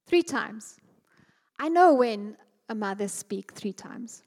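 Woman preacher, high voice, passionate, emphatic builds, church hall reverb. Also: expressive, takes it slowly, a little mellow. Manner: passionate, rising to emphatic peaks. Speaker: women's ministry speaker. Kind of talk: sermon.

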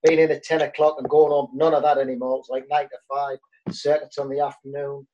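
A man's voice: medium pitch, little pitch movement, fast, dark tone, dull audio. A man, a former footballer telling rambling anecdotes with lots of fillers in casual chat.

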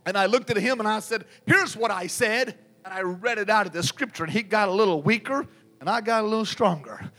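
A man preaching a sermon, telling a story that builds from quiet talk to shouting. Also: sits high, brisk.

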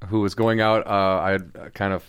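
Man, comedy podcast co-host, lowish voice, riffing, laughs a lot. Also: fairly even intonation, fairly bright tone, smooth. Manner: riffing, incredulous, quick to laugh. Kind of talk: casual comedy podcast chat.

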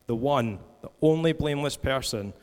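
A man in his forties delivers a sermon in a relaxed, storytelling manner, moving between scripture reading and personal anecdote. His mid-range voice trails off in a long church-hall reverb. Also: mid-range voice, moderate pace. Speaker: preacher.

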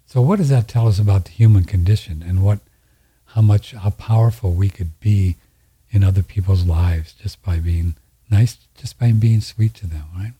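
A man's voice: lowish voice, moderate pace, warm tone, husky. A man hosting a radio show, talking in a folksy, rambling way and often repeating himself. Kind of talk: casual conversation.

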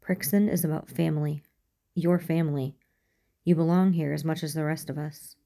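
A fierce, blunt woman engineer who talks briskly, with tender warmth under it, as a woman reads her in a fan fiction audiobook. The voice is low, gravelly and dark. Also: fairly even intonation. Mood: firm.

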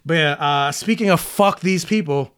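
A man co-hosting a casual podcast, talking in a relaxed, matter-of-fact way and often quoting others. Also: fairly high pitch, moderate pace, clean tone, no echo. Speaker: podcast co-host. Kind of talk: casual chat.

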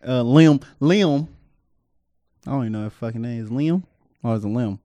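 A man's voice: mid-range voice, a little fast, dark tone, no echo, dull audio. A young man co-hosting a podcast in casual chat, playful and teasing, talking in loose restarts. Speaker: podcast co-host.

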